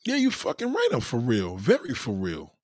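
Husky-voiced man ranting bluntly. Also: medium pitch, huge pitch swings, normal speed, no room sound, clean studio sound. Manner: blunt, profane, emphatic; acts out quoted people in varied voices. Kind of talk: casual opinion rant.

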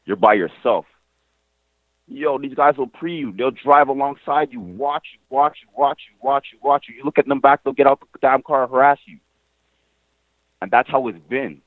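A man's voice: medium pitch, normal speed, no room sound. A young man from Montreal telling his own story in a casual, emphatic way, full of slang, repeated phrases and swearing. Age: young adult. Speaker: interviewee, nephew of the deceased. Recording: tinny phone-line sound, dry.

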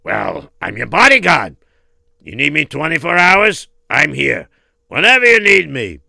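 A man's voice: fairly high pitch, wildly swooping pitch, measured pace, gravelly, sharp tone, dry recording, voice pushed up, exaggerated voice. A man voicing a bodyguard who secretly plots a kidnapping, speaking in curt orders. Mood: dutiful. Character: adult male bodyguard, scheming kidnapper.

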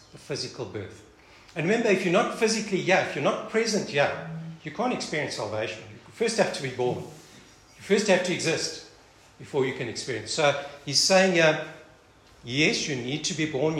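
A man's voice: mid-range voice, fairly bright tone. A man teaching a Bible passage in a conversational sermon, thinking aloud and often restarting or repeating words. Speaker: preacher. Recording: echoey room, faint background noise.

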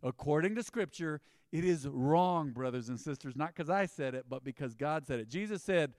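A man's voice: on the high side, lively intonation, normal speed, few pauses, a little mellow, dry recording, studio quality. A man preaching a sermon as pastor, in an emphatic, conversational style with rising bursts.

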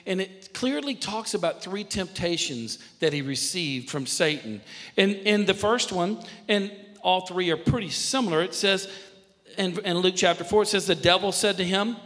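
Bright-voiced male pastor preaching. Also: sits high, animated, normal speed, long reverb tail. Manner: repetitive, building to emphatic shouts. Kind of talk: sermon.

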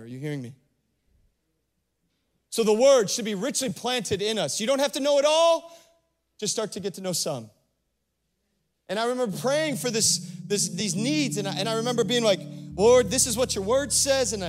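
A male pastor preaching a sermon, animated, often repeating words as he builds. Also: fairly high pitch. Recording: loud music behind the voice.

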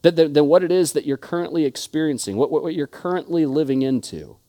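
A man's voice: fairly high pitch, animated, fast, warm tone. A young adult man preaching a sermon, telling stories earnestly and often restarting his words. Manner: earnest storytelling with repeated restarts. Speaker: pastor.

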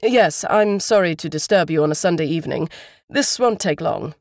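A woman voicing a polite, formal male police constable who speaks in measured official phrases. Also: fairly low pitch, a little mellow, no echo, clean studio sound, lightly acted.

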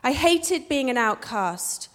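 A woman's voice: high voice, animated, slow pace, a bit bright. A woman from England with a working-class English accent, telling a wry, self-mocking story live on a theater stage, with hall reverb. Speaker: storyteller, actress.

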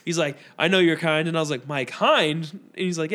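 A man's voice: on the high side, brisk, fairly bright tone. Rambling young man telling stories. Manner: rambling, acts out other people's lines. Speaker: podcast co-host. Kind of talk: casual storytelling chat.

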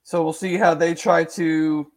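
A man's voice: on the high side, flat delivery, a little slow. A man co-hosting a sports talk show, thinking aloud with lots of hedges, fillers and restarts. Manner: hedging, rambling, many fillers and restarts. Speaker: sports podcast co-host. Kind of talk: casual sports chat.

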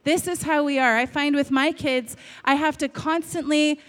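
Woman w a high voice giving a chatty sermon, lots of questions and mom stories, long hall echo. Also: fairly even intonation, normal speed. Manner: casual, storytelling, many rhetorical questions. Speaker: speaker giving a talk on faith. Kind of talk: conversational sermon.

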